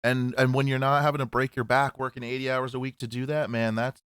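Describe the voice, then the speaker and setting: A man co-hosting a casual podcast chat, rambling with restarts, swearing and laughing loudly. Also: medium pitch, level tone, fast talker, clean tone, dry recording, clean studio sound. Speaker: podcast co-host.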